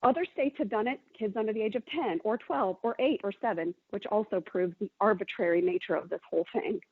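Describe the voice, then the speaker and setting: A woman's voice: mid-range voice, a little fast, breathy edge, no room sound. A woman giving an emotional, pleading public comment at a council meeting. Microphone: phone call. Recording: tinny phone line.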